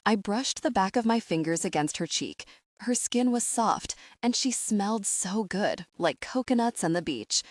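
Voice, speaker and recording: A woman narrating a first-person romance audiobook in a steady, even storytelling voice. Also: mid-range voice, moderate pace, no room sound, studio quality.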